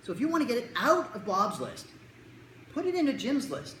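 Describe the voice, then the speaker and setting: A woman's voice: fairly high pitch, very animated, fairly quick, fairly bright tone, slight background noise. A woman giving a lecture, telling anecdotes and acting out the dialogue with animation. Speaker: speaker. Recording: echoey room, faint ambience.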